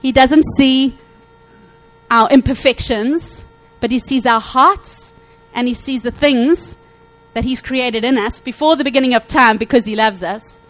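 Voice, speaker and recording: A woman preaching a sermon to her congregation, animated, acting out Bible quotes and checking in often with her listeners. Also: high-pitched, a little slow, poor audio. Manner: animated, acts out quotes, frequent "okay?" check-ins.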